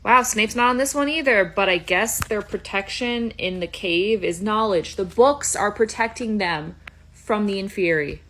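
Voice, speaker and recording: A woman's voice: mid-range voice, fairly bright tone, a little hiss or hum. A young woman giving playful, casual reaction commentary as a video creator. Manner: chatty and playful, quick asides.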